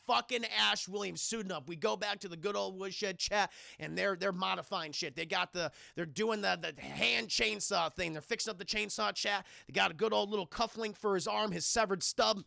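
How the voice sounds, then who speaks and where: Young male streamer, high gravelly voice, bright and excitable, profane casual recap delivery. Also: normal speed, no echo, clean studio sound. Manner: excitable and profane, keeps addressing the chat. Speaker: film reviewer and streamer. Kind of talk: casual scene-by-scene film recap to a live chat.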